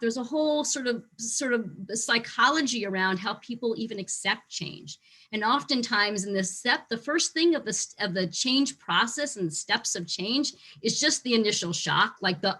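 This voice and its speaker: A woman with a somewhat high voice gives a short online lesson on facility management. She talks with lively energy and slips into quoted voices to show how staff react to change.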